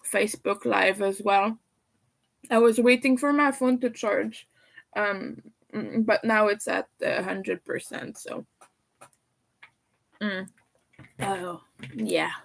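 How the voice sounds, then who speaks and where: A woman's voice: mid-range voice, fairly even intonation, slow, gravelly, pauses often, rough recording. A young woman chatting casually on a livestream, talking while she eats. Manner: chatty, talks while eating. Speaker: livestreamer and crocheter.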